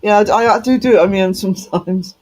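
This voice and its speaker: A man's voice: sits high, quick pace, low-quality recording. A man live-streaming and chatting casually with viewers, greeting them by name with affectionate pet names, his voice cracking a little.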